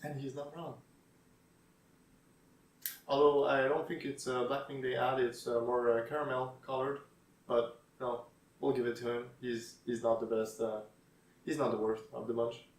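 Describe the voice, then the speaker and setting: A man talking through social media posts in a halting, filler-heavy way, with dry sarcasm. He sits some way back from the mic, and the room adds a noticeable echo. His pitch sits in a middling range for a man. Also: level tone. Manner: hesitant, many fillers, dry sarcastic asides. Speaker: YouTuber reading tweets. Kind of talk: casual commentary. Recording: roomy echo, distant mic.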